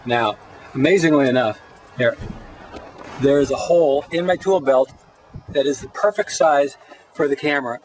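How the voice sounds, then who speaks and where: A middle-aged man, a locksmith, giving a deadpan, rambling, joking tour with a handheld camera, outdoors and in his shop. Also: medium pitch, moderate pace, long pauses, a little hiss or hum, poor audio. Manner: deadpan, jokey, rambling with fillers. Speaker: locksmith vlogger. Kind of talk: joking self-made video tour.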